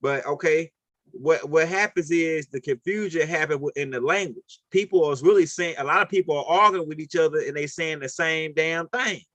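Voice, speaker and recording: A man's voice: fairly high pitch, normal speed, a bit bright, no echo. Rambling New Orleans man lecturing. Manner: rambling, repetitive, with frequent "right?". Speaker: host of a call-in talk. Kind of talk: casual lecture.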